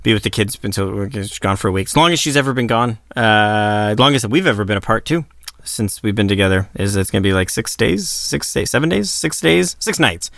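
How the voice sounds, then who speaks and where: A young adult man co-hosting a podcast in casual chat, halting and restarting his sentences often. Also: fairly low pitch, animated, creaky, a bit bright, no room sound, clean studio sound. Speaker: podcast co-host.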